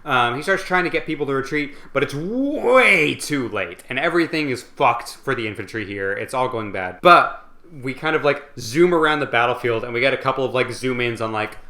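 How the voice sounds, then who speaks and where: A man's voice: mid-range voice, lively intonation, fairly quick, pushed and bright, echoey room. A tipsy man hosts a rambling, profane comedic book summary, loose and full of fillers. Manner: rambling, swearing, lots of fillers. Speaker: host.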